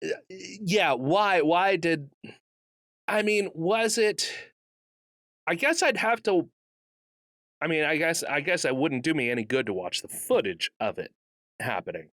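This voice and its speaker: Podcast co-host, male, slow deliberate delivery, joking and animated, dead-dry recording. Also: fairly high pitch, no room sound. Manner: animated, laughs often, jokey asides. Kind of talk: casual chat.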